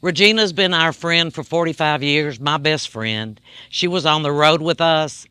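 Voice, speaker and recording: A woman's voice: sits low, normal speed, sharp tone, clean tone. A woman giving emotional, heartfelt remarks to fans at a memorial. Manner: tearful, heartfelt. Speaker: widow speaking at a memorial.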